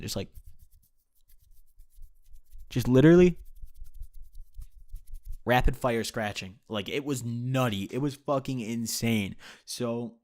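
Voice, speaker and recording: A man telling a story on his vlog in a casual, profane, rambling way, full of "you know", swinging between loud and quiet. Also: mid-range voice, measured pace. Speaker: YouTube storyteller.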